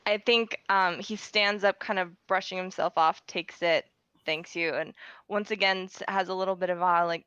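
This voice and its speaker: A woman playing a tabletop game who describes her character slowly, searching for words with many fillers. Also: lowish voice, steady tone, fairly bright tone, clear, resonant tone, dry recording, lo-fi sound. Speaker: player.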